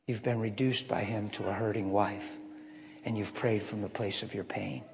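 God, a calm male spirit, speaks in a low hushed voice with slow, measured phrasing, as a preacher puts him on. A long reverb trails each line. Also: slight background noise, natural voice. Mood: gentle.

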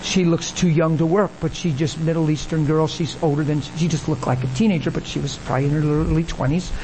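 A high-pitched man delivers a sermon through storytelling, jumping into the voices of the people he describes. His delivery swells in pitch and energy at the key points. A faint hum sits under the recording. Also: fast talker, poor audio. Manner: animated, acts out dialogue, rises in pitch when excited. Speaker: preacher.

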